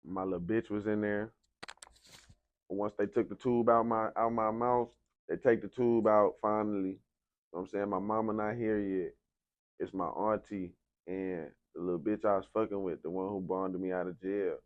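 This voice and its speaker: A man's voice: on the low side, fairly even intonation, moderate pace, no echo, dull audio. A young man from San Antonio, Texas, telling his life story in a casual interview, heavy on slang and "you know what I'm saying". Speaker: interview guest, rapper.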